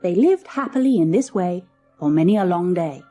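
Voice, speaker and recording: A woman narrating a children's storybook in an expressive, lilting storytelling manner. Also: lowish voice, normal speed, faint music behind. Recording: old cassette audiobook.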